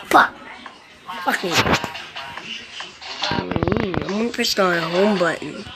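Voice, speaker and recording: A woman giving rambling, excitable commentary while playing a mobile game, swearing a lot, recorded on a phone mic. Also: lowish voice, drawn-out words, gravelly. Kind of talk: casual gameplay commentary. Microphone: phone microphone during screen recording. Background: game music.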